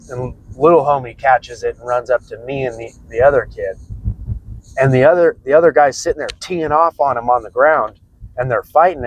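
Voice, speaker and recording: A man's voice: medium pitch, poor audio. Rambling young man telling a story. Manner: rambling, swears freely, laughs while telling. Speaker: prepping channel host. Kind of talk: casual storytelling.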